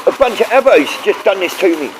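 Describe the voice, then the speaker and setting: Man, Australian accent, high voice, blunt, rambling, swearing, live stream chat, faint background noise. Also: very animated, quick pace.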